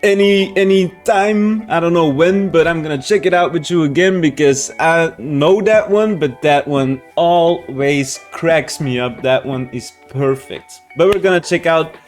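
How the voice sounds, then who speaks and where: A laid-back man hosting a reaction channel, his voice a little high. He talks loosely, swears freely and breaks into laughter, with faint music behind him. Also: unhurried, few pauses. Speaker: reaction video host. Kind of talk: casual reaction commentary.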